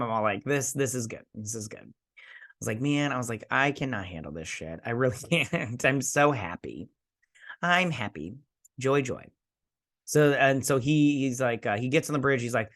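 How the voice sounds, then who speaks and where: A man hosting a casual review, retelling an episode with sarcastic asides and quick put-on voices for the characters. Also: medium pitch, a bit bright. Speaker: host.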